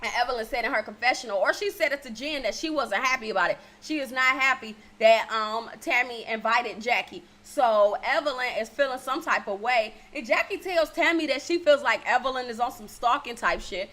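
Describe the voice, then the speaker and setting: Sassy, profane high-voiced woman. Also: fairly quick, hardly any pauses, sharp tone. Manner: sassy, blunt and profane, laughs often. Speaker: TV show reviewer. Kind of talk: casual recap vlog.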